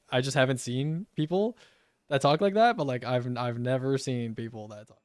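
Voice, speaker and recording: A young man talking casually on a live stream, loose and slangy, often tossing in "bro". His voice sits at an ordinary pitch for a man. The recording is close and dry, with almost no room sound. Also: lively intonation, fairly quick, no echo. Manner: laid-back and slangy, often says "bro".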